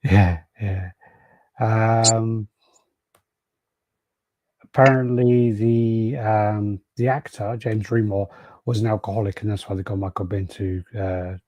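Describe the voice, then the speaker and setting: A man's voice: fairly low pitch, steady tone, takes it slowly, pauses often, mellow, dry recording. A man hosting a casual podcast, rambling through stories, acting out quotes and swearing freely. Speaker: podcast host. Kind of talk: casual chat.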